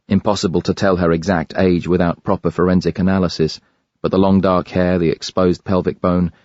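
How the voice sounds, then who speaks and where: Deep-voiced man narrating a thriller. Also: darkish tone, no room sound, muffled recording. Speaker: audiobook narrator. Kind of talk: scripted narration.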